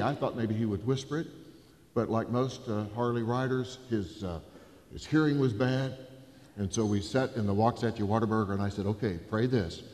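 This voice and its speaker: A man, a pastor telling a story in a sermon, swinging from hushed to loud. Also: medium pitch. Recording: reverberant church hall.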